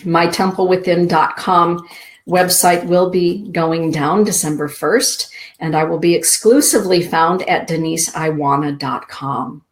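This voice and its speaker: Woman, middle-aged, spiritual show host, card readings, soft and drawn-out, lowish voice. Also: fairly even intonation. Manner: soft, slow, drawn-out inspirational delivery.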